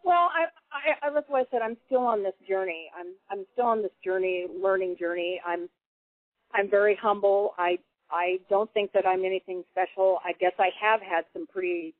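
A woman's voice: mid-range voice, no room sound. A woman telling her own story in a casual interview, acting out the people she quotes. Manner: animated, acts out voices in quotes. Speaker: guest witness. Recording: tinny phone-line audio.

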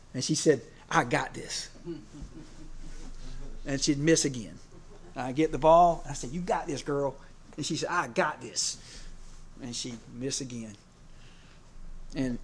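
A man's voice: a little high, a little hiss or hum. A man preaching a sermon in a conversational way, with many fillers and restarts, at times emotional as he tells stories. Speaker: preacher and PE teacher.

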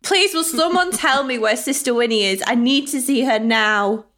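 A woman's voice: a little high, moderate pace, fairly bright tone. A woman playing a tabletop game, voicing her character with a giggly manner. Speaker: player. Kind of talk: tabletop role-play.

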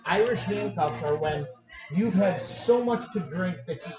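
A man co-hosting a casual podcast game, excitable and crude, often repeating himself. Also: high voice, measured pace, echoey room, over music. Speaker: podcast co-host and contestant.

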